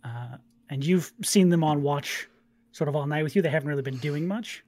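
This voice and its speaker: A man running a tabletop game as game master, narrating casually with many pauses and fillers. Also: on the high side, no echo. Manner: relaxed, hesitant with fillers.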